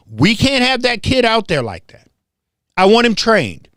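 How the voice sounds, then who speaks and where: A high-voiced man from Memphis hosts his own show, talking in a heated, confrontational monologue. His pitch swings widely as he repeats his points for emphasis. The sound is dry and close. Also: huge pitch swings, measured pace, fairly bright tone, no room sound. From Memphis, southern US. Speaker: host.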